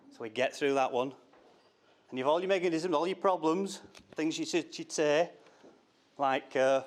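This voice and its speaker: Jokey middle-aged dad giving a toast. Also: male voice, fairly high pitch, moderate pace. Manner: jokey, teasing, self-interrupting. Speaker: father of the bride. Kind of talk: wedding speech read from notes.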